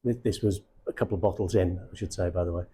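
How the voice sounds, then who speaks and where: A man's voice: low-pitched, fairly even intonation, fast talker, dark tone, breathy edge. A middle-aged man coaching recruiters, blunt and casual, swearing freely and checking in with his audience. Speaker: sales coach. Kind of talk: live coaching session.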